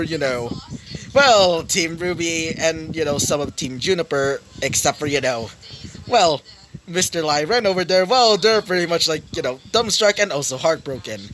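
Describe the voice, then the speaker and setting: Guy telling a fan story off the cuff, lots of you know, kinda high voice, hissy noisy audio. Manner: rambling, many fillers and self-corrections. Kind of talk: improvised story narration. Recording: noisy home recording.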